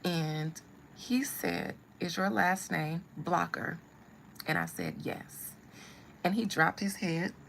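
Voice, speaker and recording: A woman's voice: on the low side, slow, creaky, a bit bright, slight background noise, poor audio. A woman hosting a live stream, telling a personal story in a blunt, humorous way. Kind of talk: casual storytelling.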